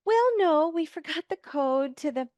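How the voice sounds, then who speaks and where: A woman's voice: high-pitched, animated, a little slow, a little mellow, no room sound. A woman reading the part of a caring small-town museum worker who sounds helpful and reassuring, in a virtual table read. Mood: polite.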